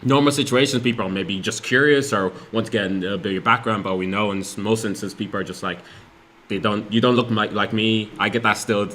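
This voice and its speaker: Male guest, lower register with a bright edge; speaks haltingly in relaxed discussion. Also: slight background noise. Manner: halting, many fillers and restarts. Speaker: community group founder, guest. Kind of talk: casual discussion.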